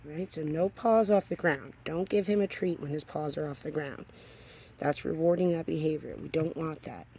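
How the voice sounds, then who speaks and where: A woman with a low, deep-set voice works as a dog trainer in a hands-on demonstration. She explains steadily and cuts in with short, firm commands to the dog. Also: normal speed, warm tone, slight background noise.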